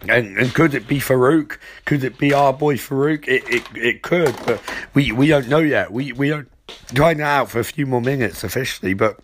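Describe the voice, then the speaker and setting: A man's voice: medium pitch, normal speed, a little hiss or hum. A man recapping a TV episode as comedy, rambling with stumbling repetitions and crude jokes.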